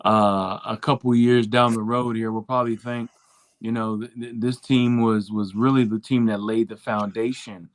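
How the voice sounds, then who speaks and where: A man's voice: lowish voice, little pitch movement, normal speed, no echo. A man hosting a sports talk show, talking casually with lots of fillers and restarts.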